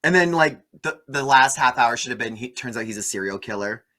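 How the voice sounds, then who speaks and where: Bright-voiced man hosting a movie chat. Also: mid-range voice, brisk. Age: 30s. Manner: animated storytelling, acts out quoted lines. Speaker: movie review podcast host. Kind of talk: casual movie review chat.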